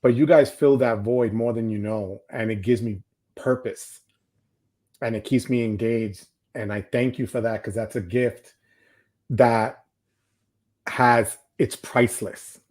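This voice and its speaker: A man's voice: medium pitch, fairly even intonation, a little slow, darkish tone. Older male host, casual and emotional, rambles with restarts. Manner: heartfelt, rambling, with frequent restarts. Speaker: livestream host. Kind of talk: casual livestream chat.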